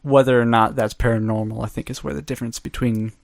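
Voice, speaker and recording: A man's voice: mid-range voice, fairly even intonation, fast talker, gravelly, dry recording. A man co-hosting a comedy podcast, chatting casually and steering the topic with jokes. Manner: jokey, leads the topic. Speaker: podcast co-host. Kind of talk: casual chat.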